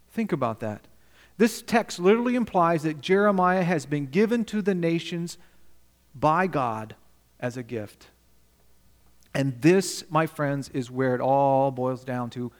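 A male pastor preaching a sermon, emphatic, questioning the congregation and swinging between loud and quiet. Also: a little high, unhurried, big-room sound.

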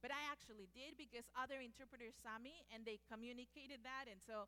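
A native Spanish-speaking woman with a notably high voice shares personal stories. She talks expressively and slips into the voices of the people she describes. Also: fairly even intonation, fast, sharp tone, clear, resonant tone. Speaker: speaker and former medical interpreter. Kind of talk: personal storytelling talk.

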